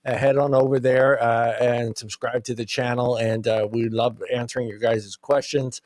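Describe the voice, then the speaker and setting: A man's voice: medium pitch, level tone, normal speed, a little mellow, no echo. Laid-back man hosting a podcast. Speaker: podcast host. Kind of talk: casual show sign-off.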